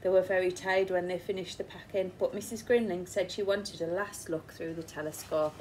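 A woman's voice: fairly low pitch, fairly even intonation, fairly quick, a little mellow, slight background noise, rough recording. A woman teacher with an English accent reading a picture book aloud to children and asking them questions along the way. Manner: asks the listening children questions. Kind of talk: storybook read-aloud.

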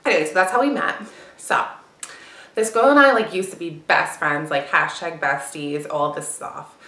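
A woman's voice: sits low, normal speed, sharp tone. A young woman improvising as a brash, gossipy party girl, chattering with constant fillers in an echoey room. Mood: chatty. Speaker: actor auditioning. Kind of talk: improvised character monologue. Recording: roomy echo.

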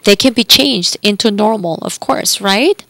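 A woman's voice: mid-range voice, measured pace, vocal fry, sharp tone, dry recording. A woman interpreting a doctor's lecture that mixes health teaching with Bible readings, speaking earnestly and steadily.

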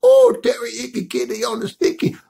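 A man doing a loud, rambling folksy hobo host. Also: high voice, measured pace. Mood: hammy. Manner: folksy, rambling, exaggerated shouts and asides to the audience. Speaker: comedy show host. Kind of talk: hammy joke-of-the-day comedy bit.

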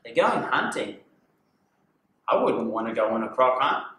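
A man's voice: medium pitch, big pitch swings, unhurried, fairly bright tone. Sing-song man teaching kindergarten. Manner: sing-song, playful, exaggerated storytelling voice. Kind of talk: reading a picture book to children. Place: empty kindergarten classroom. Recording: echoey room.

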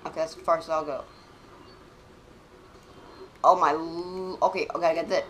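A woman giving let's play commentary on a game, swinging between loud excited outbursts and quiet muttering to herself. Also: low voice, moderate pace, slight background noise. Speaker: gaming channel host.

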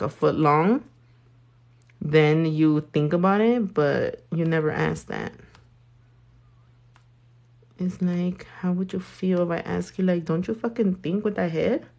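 A woman doing nails while talking casually to a live audience, blunt and profane, full of slang. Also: low voice. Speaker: nail artist.

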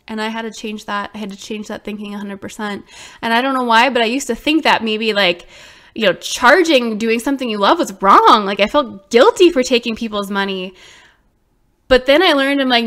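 A woman in her thirties, a small business owner, telling viewers her own story in an animated, exclamatory way, full of "like". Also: on the high side, a little fast. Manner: animated, exclamatory, many fillers like "like".

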